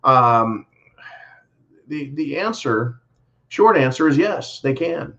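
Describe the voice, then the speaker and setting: A man hosting a casual livestream, rambling along in a folksy way, full of "uh"s and restarts. His voice sits at an ordinary middle pitch. The stream audio is dull and lo-fi. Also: animated, slow, fairly bright tone. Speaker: livestream host reading super chats. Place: Texas.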